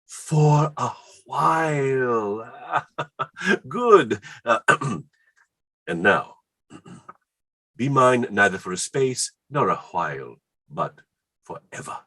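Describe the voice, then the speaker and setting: A man's voice: fairly low pitch, extremely slow, long pauses, breathy edge, full character voice. A man playing an ardent Elizabethan poet. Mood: rapturous. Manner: rhapsodic, excitable, laughing. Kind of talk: staged play reading.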